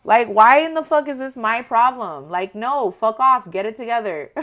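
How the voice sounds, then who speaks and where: A woman giving a casual tarot reading to her viewers, talking in a blunt, profane and animated way. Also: on the high side, unhurried. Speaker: tarot reader.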